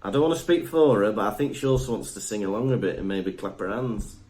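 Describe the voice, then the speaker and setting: A man's voice: lowish voice, quick pace, a little hiss or hum. A young man co-hosting a podcast, chatting casually in a jokey, rambling way. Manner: jokey, rambling, lively storytelling. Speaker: podcast co-host. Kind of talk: casual chat.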